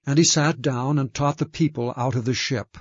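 A man giving a measured, solemn scripture reading. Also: medium pitch, husky, dry recording. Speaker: scripture reader. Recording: dull, dry lo-fi recording.

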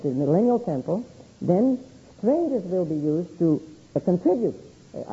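A man's voice: high-pitched, husky. A man giving a verse-by-verse Bible study to a congregation, teaching steadily and sometimes correcting himself mid-word. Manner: steady teaching with frequent short self-corrections. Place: meeting room with a congregation. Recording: dull lo-fi recording.

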